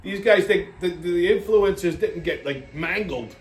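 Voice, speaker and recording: A man's voice: high voice, a little slow. A man hosting his own show, ranting in a brash, profane and rambling way that is full of restarts. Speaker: show host. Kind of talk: casual ranting commentary. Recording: echoey room.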